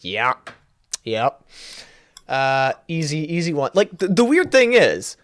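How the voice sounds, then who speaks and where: Rambling, joking Canadian podcast host. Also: male voice, fairly high pitch, big pitch swings, slow pace, dry recording, studio quality. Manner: rambling, self-deprecating, jokey. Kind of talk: casual chat.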